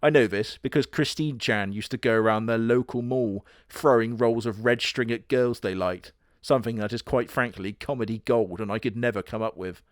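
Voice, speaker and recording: Young male host, sardonic deadpan humor, dry close mic. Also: medium pitch, moderate pace, dry recording. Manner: sardonic, crude, deadpan jokes with put-on quote voices. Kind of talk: comedic commentary narration.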